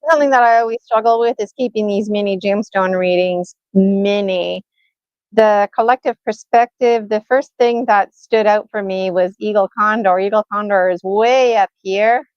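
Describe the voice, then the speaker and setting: A woman's voice: medium pitch, steady tone, normal speed, clear, resonant tone, no echo, lo-fi sound. A woman co-hosting a live gemstone reading stream, chatting casually and thinking aloud with fillers. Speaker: co-host and gemstone reader. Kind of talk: casual livestream talk. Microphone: video call.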